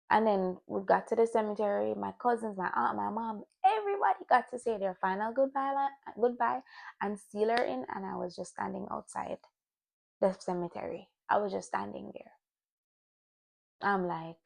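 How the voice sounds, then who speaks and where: In a personal vlog, a young woman of Jamaican background reflects candidly on the past year, restarting her thoughts and pausing often. Her creaky voice is medium in pitch, at normal speed.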